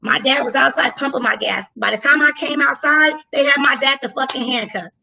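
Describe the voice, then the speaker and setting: Animated, high bright-voiced woman storyteller. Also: a little fast, gravelly, husky, poor audio. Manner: animated, profane, acts out her own lines loudly. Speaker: guest telling a story. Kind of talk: casual storytelling.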